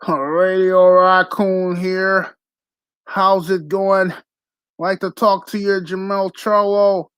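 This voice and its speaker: A stiff, overly polite interviewer, as a man mocks him, drawling each word slowly and carefully in a raised, prim tone. The voice sits close and dry, with no room sound around it. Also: high voice, flat delivery, a bit bright, clear, resonant tone, no room sound, voice pushed up. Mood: mocking. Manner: slow, drawn-out, mock-proper delivery.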